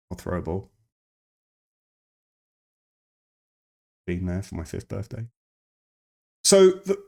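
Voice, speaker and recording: A man's voice: mid-range voice, a little mellow. A man casually reviewing a film, rambling and digressing, often cutting himself off mid-sentence. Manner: rambling, digressive, self-interrupting. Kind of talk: casual chat.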